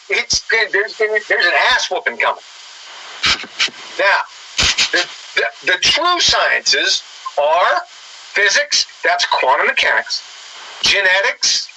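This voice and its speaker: A man's voice: high-pitched, bright, forceful tone, a little hiss or hum, rough recording. A man giving a sarcastic, lecturing commentary that mocks his targets.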